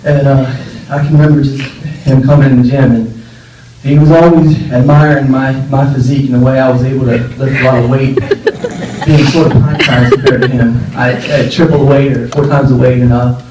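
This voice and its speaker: This young eulogist talks fairly quickly in a mid-range, level, slightly mellow voice. His informal memorial speech wanders through fond stories, packed with fillers and laughter. The recording comes from an echoey gathering room, with him far from the mic and faint noise behind.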